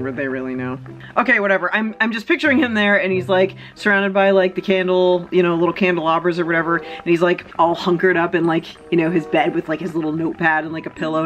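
A woman's voice: fairly low pitch, a bit bright, rough recording. Chatty woman vlogger, rambling asides. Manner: rambling and chatty, with many fillers. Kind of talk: casual vlog commentary.

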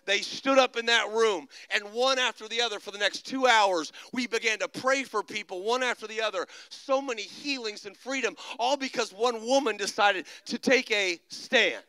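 A man preaching a sermon, moving between quiet storytelling and loud, shouted exhortation. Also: sits high, moderate pace, hardly any pauses, clear, resonant tone, dry recording, low-quality recording. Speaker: pastor. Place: large church stage.

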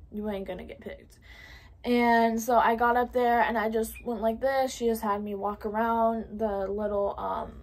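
A woman in her late teens from California telling a casual, profane storytime, full of fillers and whispered asides. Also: on the high side. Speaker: vlogger. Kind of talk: storytime vlog.

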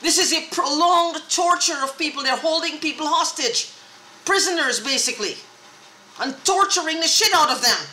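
High bright ranting woman, echoey room. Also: moderate pace, slight background noise. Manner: angry, profane, repetitive ranting. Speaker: vlogger. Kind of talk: agitated monologue to camera.

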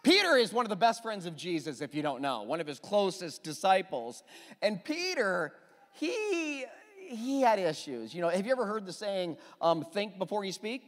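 A man preaching a sermon as pastor, emphatic and animated, with quick asides to the congregation. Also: sits high, long reverb tail.

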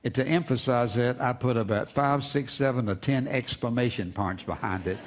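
A man's voice: medium pitch, moderate pace. An older man preaching a sermon, earnest and repeating words for emphasis. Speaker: pastor.

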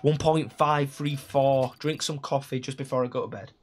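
A man streaming a game live, chatting along and breaking into excited shouts. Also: mid-range voice, moderate pace, faint music behind. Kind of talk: live gameplay commentary. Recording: steady background noise.

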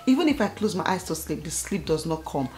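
A woman vlogger in her thirties telling a personal story straight to her viewers in an animated, chatty way. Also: fairly low pitch, brisk, faint music behind. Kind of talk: casual talk to camera.

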